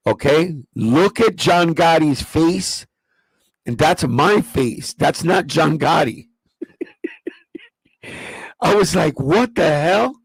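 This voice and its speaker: A man's voice: a little high, breathy edge, dry recording, rough recording. A man hosting a casual livestream, chatting in a slangy, profane, easygoing way and laughing often. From New York. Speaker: sneaker livestream host.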